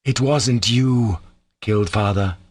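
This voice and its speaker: A man voicing a timid, warm-hearted young man in an audiobook, speaking softly and earnestly. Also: mid-range voice, very animated, normal speed, husky, no echo. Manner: soft, pleading, earnest delivery. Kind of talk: audiobook character voice.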